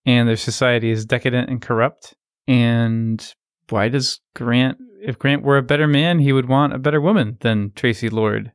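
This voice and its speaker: A man co-hosting a casual film discussion, giving measured opinions. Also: mid-range voice, fairly even intonation, clear, resonant tone, no echo, clean studio sound. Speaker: podcast co-host.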